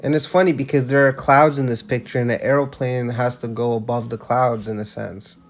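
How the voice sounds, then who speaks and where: A man's voice: medium pitch, little pitch movement, a little fast, soft background music. Emphatic slangy man in casual commentary. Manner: emphatic, slangy, frequent restarts.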